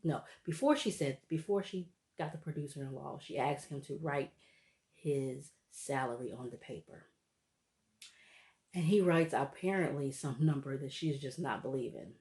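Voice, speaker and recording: Low-voiced woman chatting through a recap. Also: normal speed, darkish tone. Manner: chatty, laughs often, acts out quotes. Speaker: reality TV recap vlogger. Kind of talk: casual recap chat.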